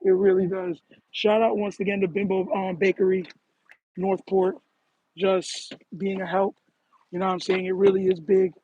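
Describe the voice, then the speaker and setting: A young man chatting on a live stream, animated and repetitive, calling people "bro" as he talks to his chat while running errands. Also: high-pitched, moderate pace, breathy edge, highs cut off. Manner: animated, repeats himself, says "bro" a lot.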